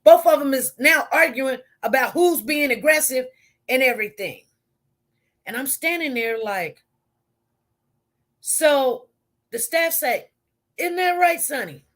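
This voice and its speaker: A woman's voice: sits high, expressive, takes it slowly, pauses often, a bit bright. A woman who works as a nurse, telling a work story to her viewers in a casual live stream. She rambles and repeats herself as she talks straight to them.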